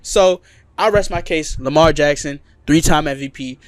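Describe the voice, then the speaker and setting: A man's voice: fairly high pitch, normal speed, a crowd in the background. A man co-hosting a casual sports podcast, making his case with emphatic repetition. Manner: emphatic, repeats points for emphasis. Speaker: podcast co-host.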